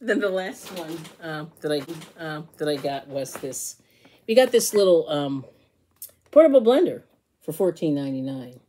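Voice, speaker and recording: Giggly low-voiced woman vlogging a haul. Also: warm tone, breathy edge. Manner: giggly, chatty, keeps apologizing for laughing. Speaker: channel host. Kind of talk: casual grocery haul vlog.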